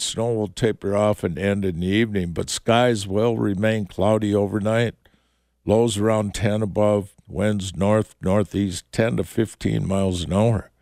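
A man working as a radio DJ, reading a weather forecast on air in unhurried, halting phrases from a studio microphone. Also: lowish voice, creaky, a little mellow, no room sound.

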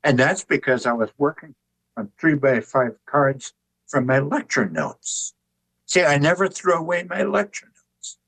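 An older man, an author and artist, telling relaxed anecdotes with wry humor in an interview. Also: on the high side, a little slow, no echo, poor audio. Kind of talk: conversational interview storytelling.

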